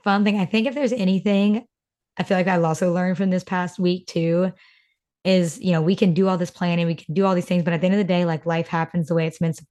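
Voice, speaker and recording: This young woman from North Carolina co-hosts a podcast, her fairly low, steady, darkish voice moving at a fast clip. She's a chatty, emotional storyteller whose casual talk is packed with "like" fillers.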